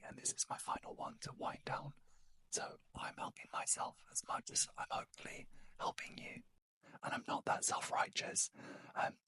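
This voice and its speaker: A British woman doing a whispered ASMR unboxing as a beauty vlogger, hushed and slow with wry asides. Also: no room sound. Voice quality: soft unvoiced whisper.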